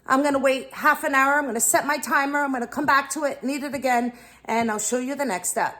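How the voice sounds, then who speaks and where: A woman hosts a laid-back cooking lesson at home in a high, pushed and bright voice, talking fairly quickly. She chats her way through every step, somewhat out of breath from kneading the dough.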